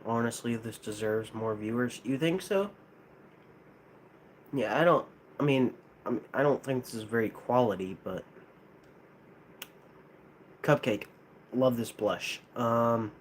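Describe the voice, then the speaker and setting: A man with a lisp, chatting casually on a live stream, hesitant and halting, with frequent restarts. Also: medium pitch, slight background noise. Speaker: streamer ranking plush toys.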